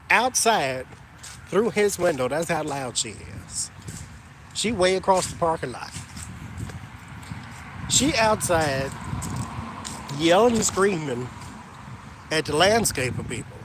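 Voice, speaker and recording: A man telling a story to his viewers in an animated, gossipy and emphatic way. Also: fairly high pitch, background noise. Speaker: vlogger. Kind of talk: casual storytelling to camera.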